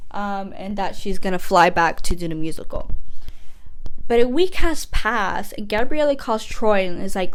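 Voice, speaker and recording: A woman's voice: medium pitch, smooth. Chatty woman recapping a movie. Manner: rambling, animated storytelling with fillers. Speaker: podcast host. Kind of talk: casual comedic recap.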